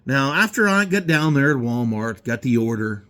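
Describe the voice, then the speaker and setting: Profane ranting man, swinging pitch. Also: sing-song, moderate pace, sharp tone. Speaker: garage owner. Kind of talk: rambling vlog monologue. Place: indoor garage.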